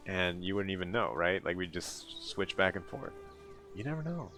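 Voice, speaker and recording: A man's voice: deep voice, level tone, normal speed, sharp tone, faint music behind. An American man streaming late at night, chatting casually with viewers, rambling, laughing often and poking fun at himself while sounding tired. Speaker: live streamer.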